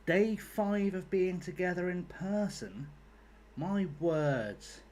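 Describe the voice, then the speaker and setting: A man's voice: high-pitched, lively intonation, slow pace, a little mellow. A young man streaming a game, chatting casually with his viewers, rambling, joking and swearing freely. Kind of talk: casual live-stream chat.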